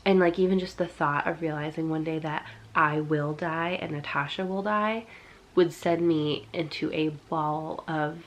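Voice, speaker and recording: Young woman vlogger with a stuffy nose from a cold; a slightly low, chatty, confessional delivery. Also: steady tone, unhurried, slight background noise. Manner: chatty and confessional, with fillers and nervous laughs. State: congested from a cold. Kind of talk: candid personal vlog.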